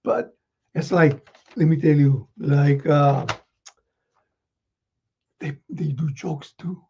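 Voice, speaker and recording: A man playing Santa Claus, reading children's letters with a folksy chuckle and many pauses. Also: a little high, steady tone, slightly rough, dull audio. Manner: chuckling, folksy, halting with fillers.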